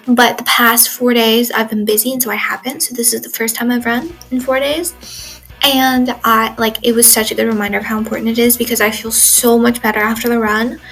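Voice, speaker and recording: Her voice a little high and a bit bright, a sixteen-year-old exchange student rambles through a casual video diary in her bedroom, filling gaps with "like" and "um." The recording is rough.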